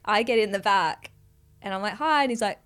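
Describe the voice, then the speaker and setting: A woman co-host spins a lively anecdote, jumping into quoted voices and laughing along the way. Her speaking voice sits at a middling pitch. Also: a little fast, clean tone. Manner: animated storyteller, acts out quotes, laughs often. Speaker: podcast co-host. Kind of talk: casual chat.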